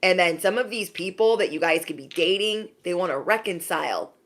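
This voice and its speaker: A young adult woman giving a sassy, animated spiritual pep talk to her viewers, acting out little scenes as she goes. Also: fairly low pitch, a little fast. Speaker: intuitive reader.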